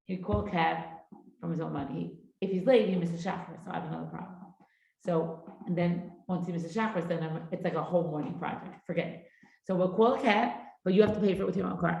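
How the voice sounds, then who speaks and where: A woman's voice: fairly low pitch, quick pace, creaky. Middle-aged woman, parenting class teacher, storytelling lecture, room echo. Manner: lively storyteller who acts out family dialogue. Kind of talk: lecture with anecdotes. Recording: echoey room.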